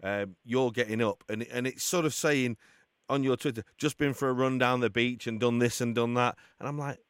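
Hosting a football programme in a radio studio, an Englishman talks casually and warmly, addressing his guest as pal. He speaks at normal speed with medium pitch, fairly even intonation and a clear, resonant tone, and the studio sound is clean with no echo.

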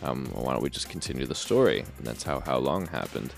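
A man being interviewed as a guest singer on the radio, relaxed, joking and self-deprecating. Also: very deep voice, brisk, vocal fry, soft background music.

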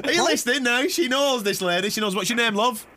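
A man's voice: extremely high pitch, animated, fast talker, pushed and bright. A male radio host from the North of England, bantering cheekily and arguing with his co-host and callers. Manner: cheeky, playful, argumentative.

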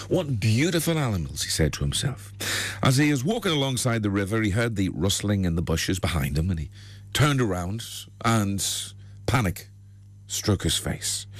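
Sex: man. Role: radio host. Style: chatty joke telling, lively pitch. Sound: dry studio mic. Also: dry recording. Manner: chatty, laughs often, hesitant restarts.

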